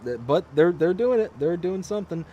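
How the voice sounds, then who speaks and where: A man's voice: high-pitched, animated, brisk, dark tone, highs cut off, slight background noise. A man hosting a farming game livestream, reading viewer comments aloud in a chatty manner and laughing often. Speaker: livestream host.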